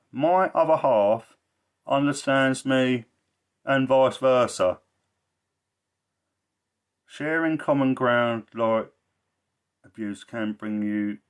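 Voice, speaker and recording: A man talking in a blunt, rambling way on a casual livestream, swearing a lot and repeating himself for emphasis. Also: mid-range voice. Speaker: livestreamer and social care campaigner.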